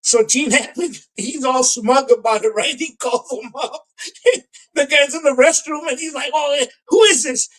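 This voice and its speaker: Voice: high voice, unhurried, low-quality recording. A podcast co-host chatting casually, retelling film scenes with lots of acted-out lines and laughter. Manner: animated storyteller, acts out film scenes, laughs often. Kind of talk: casual chat.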